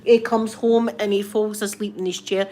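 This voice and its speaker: A woman's voice: mid-range voice, little pitch movement, normal speed, mellow. A middle-aged Scottish woman hosting a live stream, chatting casually with viewers, laughing often and mimicking other voices. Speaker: ASMR livestream host.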